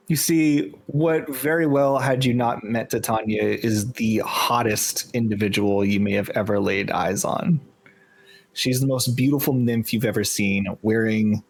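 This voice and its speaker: A man's voice: fairly low pitch, slightly rough. A man narrating a tabletop fantasy game as game master, describing scenes with frequent hesitations.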